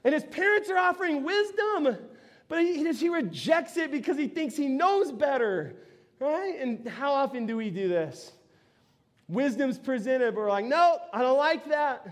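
A man preaching a sermon in an unusually high voice for a man. He talks animatedly, with quick restarts and joking asides to the congregation. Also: animated. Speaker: pastor.

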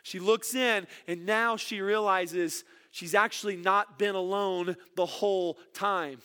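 A man's voice: high-pitched, steady tone, slow pace, pushed and bright, clean tone. A middle-aged man preaching a sermon, earnest and repeating words for emphasis. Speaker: pastor.

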